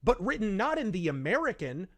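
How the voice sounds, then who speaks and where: A man's voice: high-pitched, big pitch swings, brisk, a crowd in the background. A man delivering scripted, sardonic commentary with wordy, theatrical phrasing. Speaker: online commentator in a played video.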